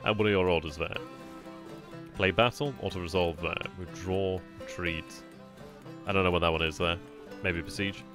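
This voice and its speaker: Low-voiced excitable male gamer. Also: normal speed, pauses often, music in the background. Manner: chatty, excitable, often laughing at himself. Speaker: gameplay commentator. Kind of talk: casual let's-play commentary.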